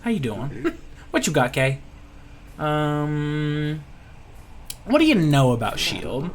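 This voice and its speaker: Brief: animated let's player, chatty and giggly, swears a lot, lively pitch. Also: a little slow, pauses often, slight background noise. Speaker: let's play host. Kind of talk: casual gameplay commentary.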